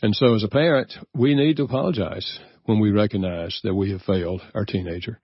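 A man's voice: fairly low pitch, brisk, husky, dry recording, highs cut off. An older man, a guest author, telling a personal story in an earnest, reflective way during a radio interview. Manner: earnest, reflective, easy chuckles.

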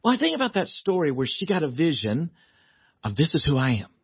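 A man, a guest author on a radio talk show, telling a family story in a lively way, laughing often and acting out the voices. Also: on the high side, fast, breathy edge, dry recording, muffled recording.

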